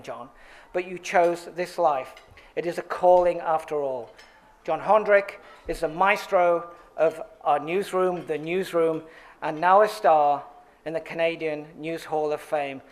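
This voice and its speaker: High-pitched guy reading a tribute at an awards dinner, jokey asides, laughs at his own lines. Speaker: award presenter. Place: banquet hall at an awards dinner.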